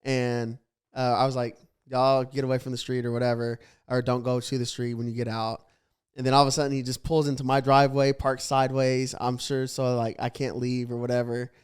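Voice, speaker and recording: A young man hosting a casual podcast chat, his voice smooth and resonant at a middle pitch. He tells a story with animation, playing out each side of the conversation. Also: a little fast. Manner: animated storytelling, acts out quoted exchanges. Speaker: podcast host.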